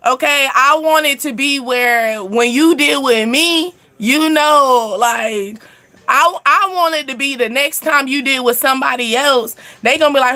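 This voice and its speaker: A woman's voice: high voice, a little slow, sharp tone. A young woman hosting a casual live stream, speaking candidly and laughing often as she answers viewers' questions.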